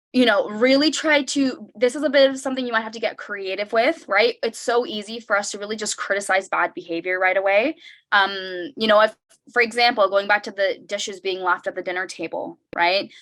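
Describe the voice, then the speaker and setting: A young woman presents a parenting workshop over a video call in a relaxed, conversational way and keeps checking in with her listeners. Her voice sits in a middle range, and she brightens it whenever she acts out what a parent might say. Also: mid-range voice. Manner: conversational, tags sentences with "right?". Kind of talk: online parenting workshop talk.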